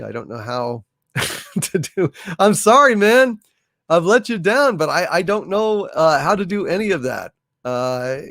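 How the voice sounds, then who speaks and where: A man's voice: fairly high pitch, creaky, fairly bright tone, no echo, studio quality. A man hosting a comedy livestream, reading out viewer messages in a hesitant, apologetic way. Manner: hesitant, apologetic, many fillers. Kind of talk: casual livestream chat.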